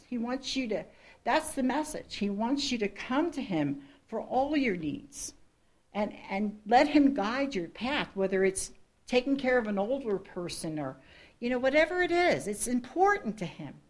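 A woman's voice: fairly high pitch, sing-song, normal speed, darkish tone. A woman missionary speaks to a congregation in her own words. She tells her testimony in an earnest, rambling way. She often breaks off and restarts sentences, and laughs at herself now and then. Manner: rambling, with frequent restarts and asides.

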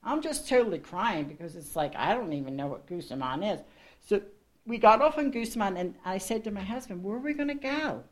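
A woman's voice: medium pitch, expressive, fairly quick. Rambling woman missionary giving testimony. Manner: rambling, with frequent restarts and asides; earnest, laughs at her own story. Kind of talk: personal testimony to a congregation.

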